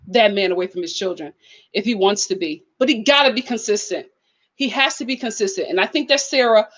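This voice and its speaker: A young adult woman giving casual, animated commentary on a reality show, with mocking impressions and laughing asides. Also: on the high side. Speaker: commentary vlogger.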